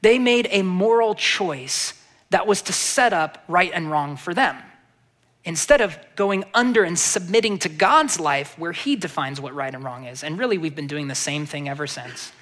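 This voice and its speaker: A male pastor delivering a sermon, moving from quiet reflective passages to animated emphasis and asking the congregation rhetorical questions. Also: fairly high pitch, moderate pace.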